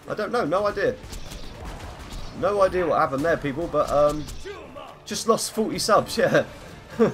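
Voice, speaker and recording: A young man streaming a game live, chatting in a rambling, self-mocking way and greeting viewers by name. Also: a little high. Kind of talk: casual live-stream gaming chat.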